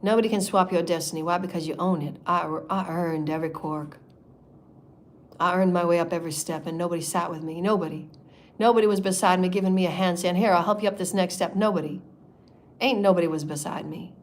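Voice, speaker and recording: A woman leading a spiritual meditation in a sermon style, impassioned and repetitive, moving between soft murmurs and loud declarations. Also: lowish voice, brisk. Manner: repetitive, chant-like phrasing. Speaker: spiritual channeler.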